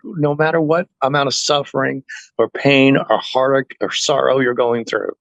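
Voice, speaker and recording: A man telling a personal story to an interviewer in a casual chat, earnest and animated, acting out what others said. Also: mid-range voice, normal speed, creaky, no room sound, dull audio. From family heritage is Norwegian. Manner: earnest, animated retelling that acts out other people's lines. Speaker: interview guest.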